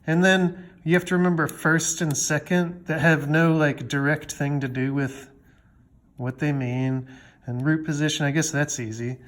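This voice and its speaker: A man with a slightly high voice walks through a music theory lesson. He talks in a loose, chatty way, full of fillers and small jokes, like he's explaining things to a friend. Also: steady tone, moderate pace.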